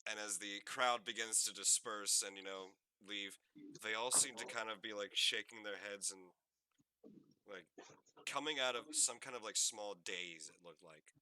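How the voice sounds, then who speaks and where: A man's voice: lowish voice, normal speed, sharp tone, clear, resonant tone. A man running a tabletop game as game master, narrating loosely with many fillers. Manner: meandering, many "like" fillers, descriptive.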